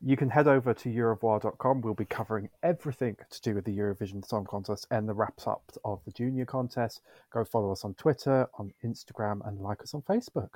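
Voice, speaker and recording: Guest guy on a podcast, kinda low voice, dry close sound. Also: fast, darkish tone, no room sound. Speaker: guest from a fan news site. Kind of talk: casual chat.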